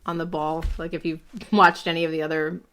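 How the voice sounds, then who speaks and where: A woman's voice: low voice, little pitch movement, a little fast, fairly bright tone. A woman in her thirties with a Brooklyn accent, chatting on a live stream at home, rambling, laughing often and swearing casually. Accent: Brooklyn New York. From Brooklyn, New York.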